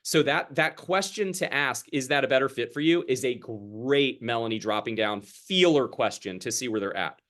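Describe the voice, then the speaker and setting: At normal speed and with hardly any pauses, a young man with a medium, slightly bright voice trains a sales team over a group video call. He's casual and talkative, acting out customer exchanges as he coaches.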